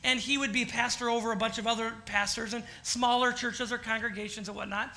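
A pastor preaches a loose, conversational sermon in a church sanctuary. The voice is bright and forceful at a middling pitch. They keep turning to the congregation with quick questions. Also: level tone, gravelly. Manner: chatty, polls the congregation with questions.

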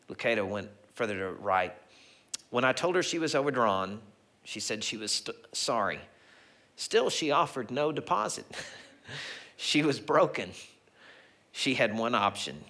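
A man delivers a sermon in a bright, ringing voice. He moves between personal anecdotes and scripture with animated storytelling, putting on voices for the people he quotes. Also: mid-range voice, unhurried, pauses often. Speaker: pastor.

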